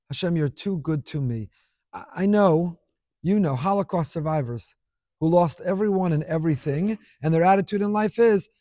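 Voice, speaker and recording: Male Torah teacher, high voice, emphatic and repetitive, dry close sound. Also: darkish tone, no echo. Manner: emphatic, repeats key phrases, mixes in Hebrew terms. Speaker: rabbi teaching a Torah class. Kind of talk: Torah lecture.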